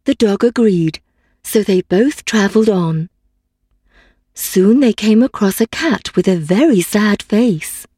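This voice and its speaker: Husky woman reading a fairy tale. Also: mid-range voice, no room sound, clean studio sound. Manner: calm, measured. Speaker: storyteller.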